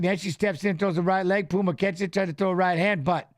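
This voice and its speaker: Man, middle-aged, high voice, live fight commentary, animated, shouting advice at the screen. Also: fairly quick. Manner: animated, coaching the fighters, answers viewer comments. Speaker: fight commentator hosting a watch-along. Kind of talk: live watch-along commentary and chat reading.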